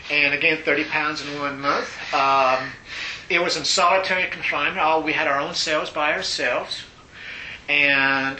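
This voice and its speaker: An older man being interviewed, telling stories in a casual, animated way and laughing often. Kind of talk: casual storytelling. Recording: roomy echo, faint rumble.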